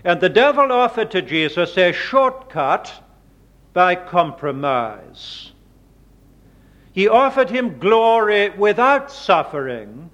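A man preaching a sermon, slow and deliberate, leaning hard on quoted words. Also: high voice, big pitch swings, fairly bright tone. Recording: dull lo-fi sermon recording.

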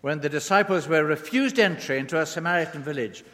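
A man's voice: a little high, fast talker, sharp tone. A man preaching a sermon, leaning on words with rising and falling emphasis. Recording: long reverb of a large hall.

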